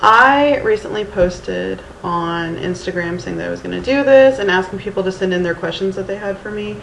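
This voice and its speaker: Talking into her camera's mic for a storytime vlog, a woman in her thirties from Houston, Texas, rambles casually with Valley Girl-style speech, lots of ums, and restarts. Her voice is mid-range, moderately paced, creaky, and a bit bright, set in a roomy space with faint ambience and slight background noise.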